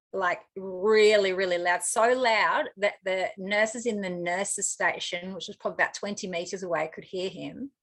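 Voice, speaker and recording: A woman's voice: lowish voice, a bit bright. Frank, chatty Australian woman. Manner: chatty, frank, with frequent fillers. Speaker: interview guest. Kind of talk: casual storytelling interview.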